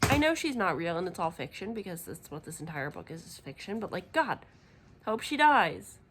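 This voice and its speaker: A woman's voice: on the low side, a little fast, breathy edge. A young woman vlogging at home about a book she is reading, rambling and chatty with lots of fillers and openly emotional reactions. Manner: emotionally expressive. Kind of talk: casual reading vlog chat.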